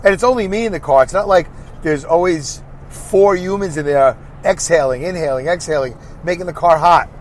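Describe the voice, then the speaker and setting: A man's voice: fairly high pitch, fairly quick. A man in his sixties hosting a casual, rambling solo podcast from his car while he drives, joking and arguing back at imagined critics. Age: 60s. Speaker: podcast host and truck driver. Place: inside a car while driving. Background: faint car and road noise.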